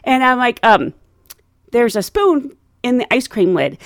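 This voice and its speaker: A woman telling a story about her work as a flight attendant in a casual way, laughing often and acting out passengers in loud, high voices. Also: sing-song, unhurried, dry recording, clean studio sound.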